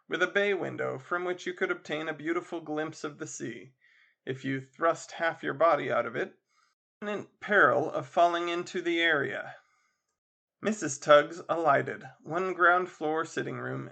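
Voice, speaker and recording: A man hosting a podcast, reading a classic story aloud with measured, expressive narration. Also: fairly high pitch, creaky. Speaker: podcast host and reader.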